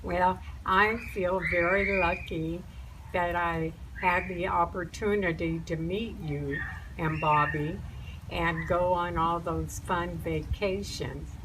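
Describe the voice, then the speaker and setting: An older woman slowly recording a birthday greeting to a friend, with gentle pauses. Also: on the low side, steady tone, noisy background. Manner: slow, gentle, hesitant. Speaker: family friend.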